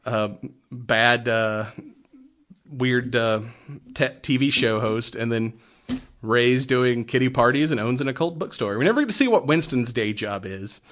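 A man's voice: mid-range voice, measured pace, a bit bright. A man chatting casually about old movies and games, laughing often and swearing freely. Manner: laughing often, loose and profane.

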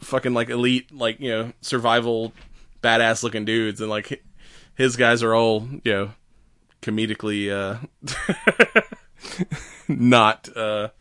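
A man co-hosting a podcast, rambling through a casual recap with frequent laughs and quick acted-out lines. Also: lowish voice, fairly bright tone, clear, resonant tone, no room sound. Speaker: podcast co-host. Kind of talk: casual chat recapping a comedy series.

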